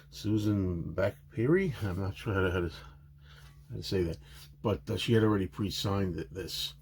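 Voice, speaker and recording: Man, very low voice, casual rambling collector vlog, lots of "uh"s, faint hum behind. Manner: rambling, many filler pauses and restarts; chatty and enthusiastic. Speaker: autograph collector vlogger. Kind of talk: casual show-and-tell narration.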